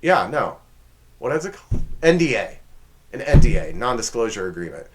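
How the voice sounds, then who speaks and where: A man hosting a homemade comedy show, rambling through his sign-off with goofy, self-deprecating asides. His pitch jumps around a lot, and now and then he drops to a whisper for a side comment. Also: sing-song, moderate pace, slight background noise. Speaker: host.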